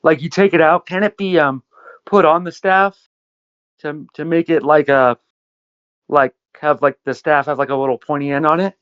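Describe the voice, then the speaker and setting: A man's voice: fairly high pitch, steady tone, moderate pace, fairly bright tone, smooth, dry recording, highs cut off. A man playing a tabletop game online, talking hesitantly with lots of fillers and restarts. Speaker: player. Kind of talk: casual tabletop play.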